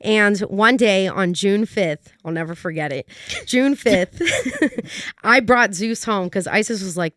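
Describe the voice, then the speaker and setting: A woman's voice: medium pitch, slow pace, a bit bright, no echo, clean studio sound. A young woman with a New England accent, a guest telling a story in casual chat, laughing often and acting out quotes. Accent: New England American. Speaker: guest, dog trainer.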